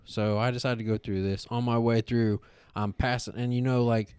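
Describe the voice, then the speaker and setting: With a smooth, medium-pitched voice at normal speed and no room sound, a man co-hosts a podcast. He tells a long, rambling story packed with swearing, an animated and profane storyteller in casual chat.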